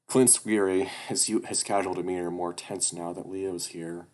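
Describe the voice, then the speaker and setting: Низкоголосый мужчина читает визуальную новеллу. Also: male voice, deep voice, steady tone, normal speed, hardly any pauses, darkish tone. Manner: casual, swears, breaks off with asides. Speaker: visual novel narrator. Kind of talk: reading a visual novel aloud.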